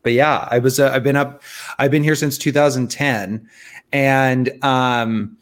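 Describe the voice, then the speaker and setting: A man in his thirties co-hosting a podcast, telling a story in rambling, excitable casual chat full of fillers. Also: medium pitch, a little slow. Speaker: podcast co-host.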